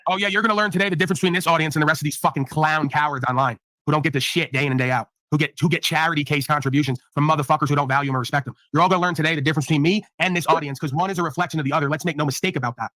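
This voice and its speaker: Fast, bright-voiced preachy man. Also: fairly high pitch, no room sound. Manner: preachy, profane, motivational. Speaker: panel host. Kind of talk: livestream panel talk.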